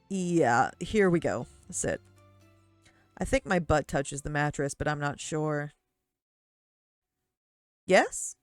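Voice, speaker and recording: A woman's voice: deep voice, lively intonation, takes it slowly, long pauses, dry recording, faint music behind. A young woman streamer reading a visual-novel game aloud with giggly, swearing commentary.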